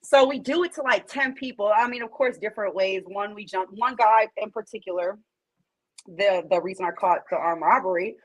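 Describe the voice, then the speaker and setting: A woman's voice: mid-range voice, fairly quick, poor audio. A woman guest on a podcast, telling a story in a casual interview with blunt, profane street talk. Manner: lively, animated storyteller.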